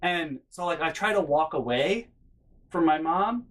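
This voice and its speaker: A man vlogging a comedic story from his life in a lively, profane, self-mocking way. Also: fairly high pitch, a little slow.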